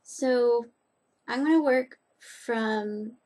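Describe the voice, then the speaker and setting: A woman's voice: on the high side, very slow, a little mellow. Chatty woman reviewing nail polish. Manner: chatty, rambling, self-deprecating. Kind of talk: casual product review vlog.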